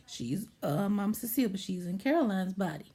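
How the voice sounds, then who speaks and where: A woman's voice: medium pitch, expressive, fairly quick, warm tone, slightly rough. A woman vlogger animatedly retelling a movie plot, checking in with her listener as she goes.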